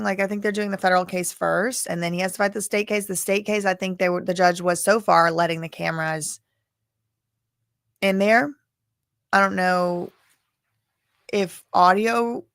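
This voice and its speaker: A woman's voice: lowish voice, fairly bright tone, dry recording, studio quality. A woman from Louisiana hosting a live stream about court cases, chatting and rambling as she talks straight to her viewers. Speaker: livestream host covering court cases. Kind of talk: casual live-stream commentary.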